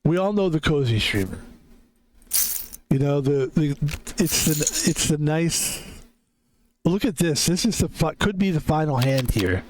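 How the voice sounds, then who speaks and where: A man from the East Coast of the US giving casual game commentary as a streamer, slightly hoarse from a sore throat, relaxed and chatty. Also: fairly high pitch, unhurried, pauses often, noisy background. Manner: relaxed, chatty, self-described cozy. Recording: music playing underneath.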